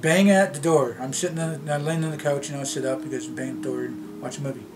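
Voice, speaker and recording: A man from Canada telling a personal story to his camera in a rambling, halting way, with many restarts. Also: mid-range voice, steady tone, rough recording. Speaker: vlogger. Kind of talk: casual storytelling vlog. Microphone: camera mic. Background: background music.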